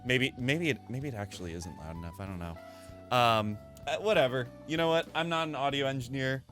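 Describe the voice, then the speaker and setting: A man's voice: mid-range voice, brisk, soft background music. A man chatting casually on a live stream from his home desk, rambling, swearing and poking fun at himself, into a desk mic. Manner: animated, rambling, swears, self-deprecating. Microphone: desk microphone through a mixer.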